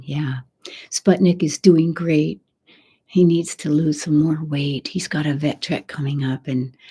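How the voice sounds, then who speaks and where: A middle-aged woman hosting a soft-spoken ASMR live chat close to the mic, rambling as she slips between whispers and a quiet voice. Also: sits low, husky. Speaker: ASMR channel host.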